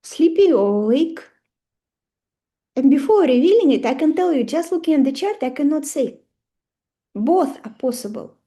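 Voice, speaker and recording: A woman teaching an astrology class, animated, asking her students questions and acting out stories. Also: high-pitched, moderate pace, pauses often. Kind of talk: live lesson with stories.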